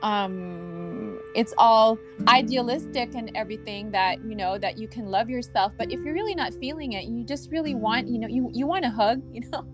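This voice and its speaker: A woman's voice: on the high side, normal speed, hardly any pauses, over music. A woman podcast host and healing coach in casual conversation, rambling and searching for words with lots of fillers, laughing easily.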